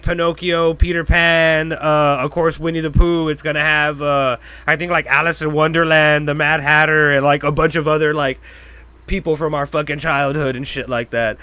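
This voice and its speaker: Man, solo podcast host, casual rant, lots of swearing, bright tense voice. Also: fairly high pitch, a little fast, clean tone, no echo. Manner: loose, profane, excitable rambling.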